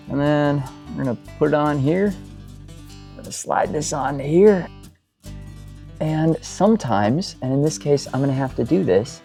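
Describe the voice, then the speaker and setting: A chatty man works on a car in his workshop and tells stories as he goes, wandering off topic and laughing at himself. His pitch sits in the middle. Soft guitar music plays faintly underneath. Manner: rambling, chatty, self-deprecating storyteller. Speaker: mechanic and show host. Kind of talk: casual talk while working on a car.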